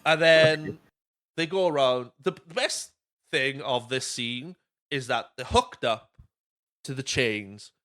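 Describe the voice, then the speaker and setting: A man's voice: mid-range voice, slow pace, bright, forceful tone. A man hosting a casual podcast, retelling movie scenes with lots of swearing and quoted voices. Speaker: podcast host.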